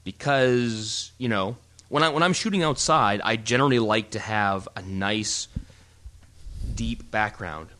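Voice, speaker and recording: Animated, rambling photographer man, low voice. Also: measured pace. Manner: animated, rambling explainer with restarts. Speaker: podcast co-host, photographer. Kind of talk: casual chat.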